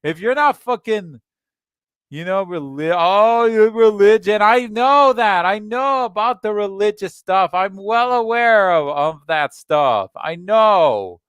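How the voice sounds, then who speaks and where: A young man from the United States with a high, smooth voice unloads a heated, profane rant from his home. He stumbles and restarts his sentences as he goes. The sound is dry and close. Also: expressive, slow, fairly bright tone, dry recording. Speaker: channel host. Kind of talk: angry solo rant.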